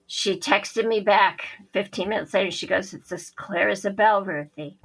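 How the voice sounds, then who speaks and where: Woman medium telling a story on a podcast, kinda gravelly and husky, acts out all the voices. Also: mid-range voice, moderate pace, low-quality recording. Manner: animated storyteller, acts out quoted dialogue. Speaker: psychic medium.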